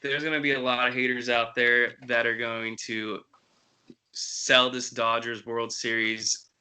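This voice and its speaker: Brief: male sports podcast host, even and level, crisp bright tone. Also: mid-range voice, unhurried, low-quality recording. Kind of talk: casual sports chat.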